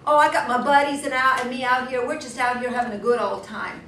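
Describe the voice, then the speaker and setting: A rough, cheerful hog hunter brags loudly and plainly about his hunt, as a woman puts him on. The voice sits a bit high for a man. It carries from a distance through an echoey room with a steady noise behind it. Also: quick pace. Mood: boastful. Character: rough-talking adult male hog hunter, cheerful and profane.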